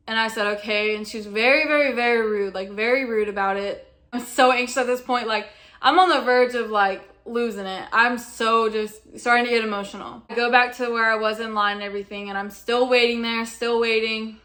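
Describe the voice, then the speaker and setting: Young female vlogger, casual storyteller, slightly high, bright tone, chatty with fillers. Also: steady tone, brisk.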